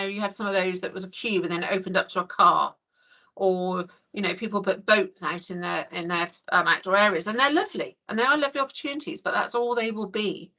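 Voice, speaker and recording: A woman's voice: medium pitch, sharp tone. An English woman leading an online training session over a video call, chatty and full of "you know". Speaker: early years trainer.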